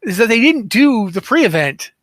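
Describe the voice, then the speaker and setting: A man's voice: extremely high pitch, very animated, moderate pace, a bit bright, no room sound, clean studio sound. A man hosting a casual podcast, rambling and joking at his own expense. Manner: rambling, self-mocking banter. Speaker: podcast host.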